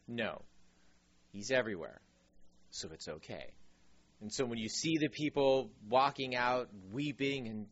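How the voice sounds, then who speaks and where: A man's voice: medium pitch, normal speed, lo-fi sound. A man preaching a sermon as pastor, telling stories with acted-out voices and joking asides. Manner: animated storytelling, acts out voices, joking asides.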